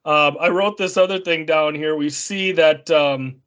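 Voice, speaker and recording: A man's voice: on the high side, steady tone, measured pace, a bit bright. A man co-hosting a casual movie discussion, explaining background with hesitant ums and restarts. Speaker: podcast co-host.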